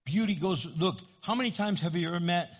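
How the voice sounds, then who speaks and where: A man's voice: sits high, a little fast, big-room sound. A man preaching a sermon as a pastor, emphatic and leading the congregation in call-and-response.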